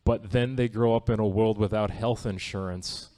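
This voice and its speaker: A man with a lowish, warm voice does a stand-up set in a theatre, keeping a steady tone and moderate pace. Loose and wry in conversational style, he regularly checks in with the crowd, asking "right?".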